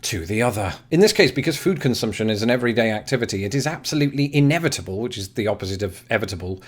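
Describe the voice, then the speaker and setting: An English man in his thirties hosting a scripted comic explainer, animated and wry with jokey asides. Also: medium pitch. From England. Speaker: YouTube host.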